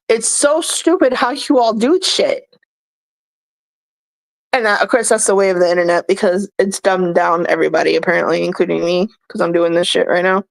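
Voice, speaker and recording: Blunt, high-voiced woman ranting. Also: no room sound, rough recording. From United States. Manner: blunt, scolding, swears freely. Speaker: vlogger reacting to comments. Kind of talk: ranting commentary.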